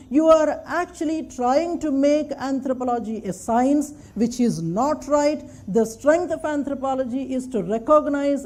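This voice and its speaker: A woman's voice: high-pitched, warm tone. A woman giving a classroom lecture, emphatic, repeating points and checking that her students follow. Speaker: anthropology lecturer.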